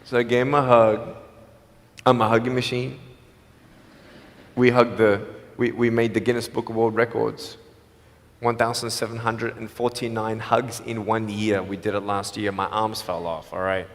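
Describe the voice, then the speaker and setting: A man giving an earnest, personal inspirational speech to a live audience, mixing in quick jokes. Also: on the low side, little pitch movement. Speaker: motivational speaker. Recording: echoey hall with long reverb.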